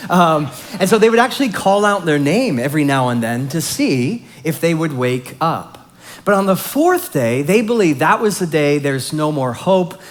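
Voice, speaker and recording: A male pastor preaching a sermon, explaining scripture in a conversational way and building emphasis on key points. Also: fairly high pitch.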